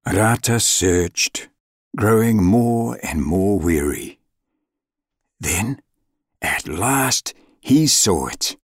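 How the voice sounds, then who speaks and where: A man reading a legend aloud as storybook narration, slow and expressive with dramatic pauses. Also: lowish voice, no room sound, clean studio sound.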